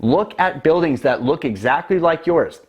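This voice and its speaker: A man's voice: on the high side, lively intonation, moderate pace, muffled recording. A man, confidently explaining real estate investing straight to camera in an emphatic, persuasive way. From Canada. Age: 20s.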